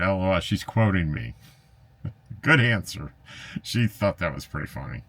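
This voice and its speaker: A man's voice: low-pitched, very animated, takes it slowly, pauses often, a bit bright, dry recording. A man, an RV travel vlogger, casually reads viewer comments aloud and answers them in a chatty, easygoing way. He uses lots of fillers, laughs lightly, and has a wry, slightly sarcastic edge.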